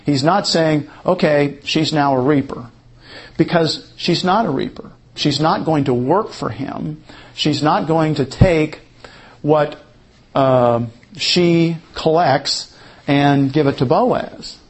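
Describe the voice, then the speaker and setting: A man's voice: fairly high pitch, slow pace, breathy edge. A man teaching verse by verse through a Bible passage, explaining a drawing as he goes, with frequent restarts and fillers.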